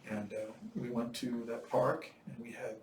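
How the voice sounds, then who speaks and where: Older man, profane animated storyteller. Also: mid-range voice, normal speed, reverberant, far from the mic, slight background noise. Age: 70s. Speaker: veteran storyteller. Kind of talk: casual chat.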